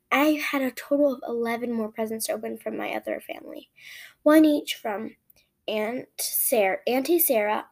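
A woman hosting a podcast, reading her own story aloud expressively, with frequent restarts. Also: on the high side.

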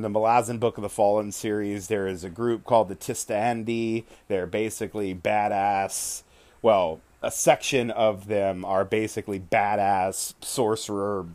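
With a lowish, slightly mellow voice, this man hosts a podcast and casually recounts a tabletop game session. He swears a lot and keeps fixing what he says mid-sentence.

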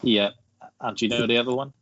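A man co-hosting a casual film podcast, explaining his points in a measured way and leading with trivia. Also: mid-range voice, fairly even intonation, fairly bright tone, dull audio. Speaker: podcast co-host.

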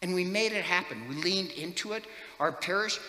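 A man's voice: high voice, normal speed, bright, forceful tone. A man giving a homily as a priest, telling stories in a chatty, joking way with many fillers. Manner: chatty, jokey, lots of fillers. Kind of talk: homily with storytelling. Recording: echoey church hall.

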